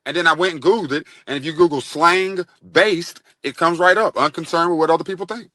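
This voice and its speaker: A man running a slang quiz segment on a sports radio show, delivering verdicts in a dry, deliberate way. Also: on the high side, sharp tone, no room sound. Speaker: segment host.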